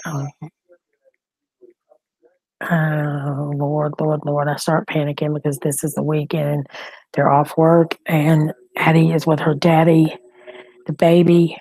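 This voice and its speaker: A middle-aged woman whose lowish voice spills out in anxious, repetitive rambling. She hosts a casual live-stream chat from home. The sound is close and dry. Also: level tone, slow, pauses often, a little mellow, no room sound, poor audio. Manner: anxious, rambling, repeats herself. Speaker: host.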